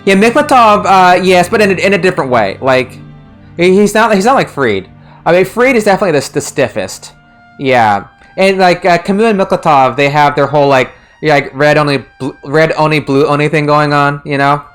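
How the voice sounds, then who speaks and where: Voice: medium pitch, animated, fairly quick, soft background music. A streamer casually chatting about a game's translation, rambling with lots of restarts and laughter. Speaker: streamer, translation discussion host.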